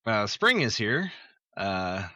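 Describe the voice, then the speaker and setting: A man co-hosting a casual podcast, talking in an unhurried, rambling way with plenty of laughter and restarts. His voice sits a little low and sounds bright and forward. The recording is dry and close. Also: very animated, dry recording, dull audio. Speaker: podcast co-host. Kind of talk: casual chat.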